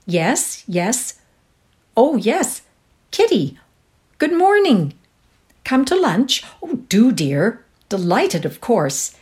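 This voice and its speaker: A woman reading aloud, voicing an excitable young woman who gushes in a high, bright voice. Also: drawn-out words, long pauses, exaggerated voice. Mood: gushing.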